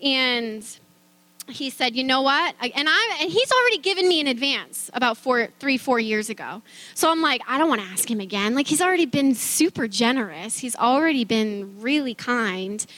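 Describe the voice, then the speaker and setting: Bright, chatty woman sharing her faith story. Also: high-pitched, lively intonation, normal speed. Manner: chatty, lots of fillers and restarts, laughs easily. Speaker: speaker sharing a faith testimony. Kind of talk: casual personal testimony.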